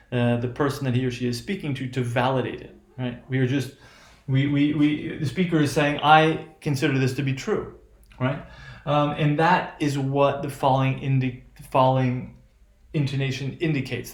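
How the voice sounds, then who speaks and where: A man with an American accent teaching a class on intonation, hesitant, with many fillers and frequent "right?" checks. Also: mid-range voice. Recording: echoey room.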